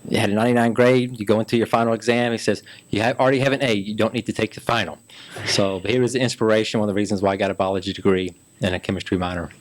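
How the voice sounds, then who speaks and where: A man's voice: fairly low pitch, steady tone, very fast. A man in his fifties from Memphis, Tennessee, a city council candidate telling his life story in a folksy, chatty way during an interview. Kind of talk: casual interview chat.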